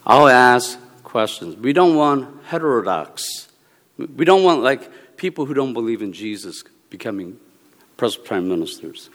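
A man who is a Presbyterian minister, giving a humorous sermon talk with animated storytelling, bursts of exclamation and laughter. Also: medium pitch. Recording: long reverb of a large hall.

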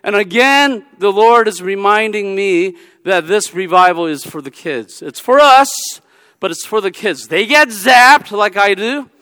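Male preacher, high and clear, animated sermon delivery with repeated "okay?", in a reverberant hall. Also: measured pace. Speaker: pastor.

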